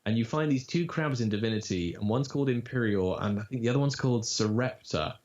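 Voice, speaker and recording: A man's voice: medium pitch, quick pace. Lo-fi chatty voice actor, man. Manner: animated storyteller, breaks into demo voices. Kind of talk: casual interview chat. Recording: dull lo-fi audio.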